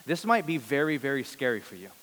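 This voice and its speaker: A man preaching a sermon as a pastor. He reads scripture quietly and grows more intense when he voices questions. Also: medium pitch, very animated, fast. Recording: long reverb of a large hall.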